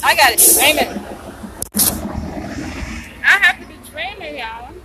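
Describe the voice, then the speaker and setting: A woman talking casually and excitedly to her viewers in a vlog, gushing and calling them y'all, with food in her mouth. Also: high voice, measured pace, very noisy. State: eating while talking. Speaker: vlogger.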